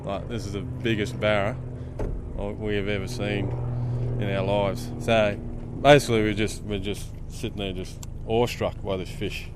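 Over background music and a noisy backdrop, a Darwin man in his fifties tells a casual story in his Australian accent. His voice is fairly low and his delivery flat at a moderate pace, yet he's an easygoing storyteller who laughs a lot.

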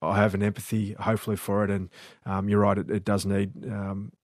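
Laid-back aussie guy hosting sports radio, lowish voice, dry studio. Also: completely flat delivery, fairly quick, no room sound. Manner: easygoing, laughs while talking. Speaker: host. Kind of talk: casual radio sports chat.

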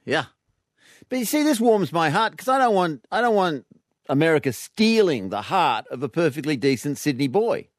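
A man's voice: on the high side, sing-song, moderate pace, no echo, studio quality. A man hosting a casual comic chat, asking playful, teasing questions. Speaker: host.

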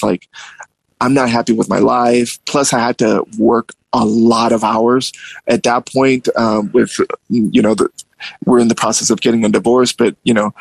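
A young man with a gravelly, slightly husky voice tells a story in a loose, casual way. He turns animated and jumps well up in pitch whenever he acts out the people in it, and the recording is dry and close. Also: no echo, low-quality recording. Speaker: guest telling a story.

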